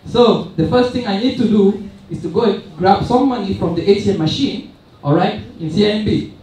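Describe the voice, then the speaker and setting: A man's voice: high-pitched, fairly quick, a little mellow. A young man doing a stand-up comedy set, chatty and self-mocking, telling loose stories with many asides. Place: large event hall with audience. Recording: echoey hall recorded from far off.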